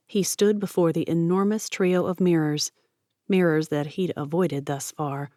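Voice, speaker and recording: Woman reading an audiobook, lowish voice, steady, dry close mic. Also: no echo. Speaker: audiobook narrator. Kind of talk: audiobook narration.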